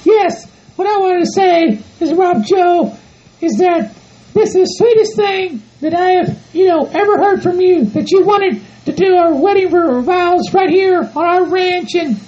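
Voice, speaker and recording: A woman's voice: very high-pitched, measured pace, mellow. A woman playing a sweet, sentimental ranch wife who rambles gushingly through her vows. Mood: tender. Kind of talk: comedic role-play podcast. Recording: dull lo-fi home recording.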